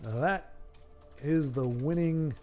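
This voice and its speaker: A man's voice: on the high side, slow pace, darkish tone, faint music behind. A man casually commentating a card game on a live stream, reading chat aloud, rambling and correcting himself with jokes. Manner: rambling, self-correcting, jokey.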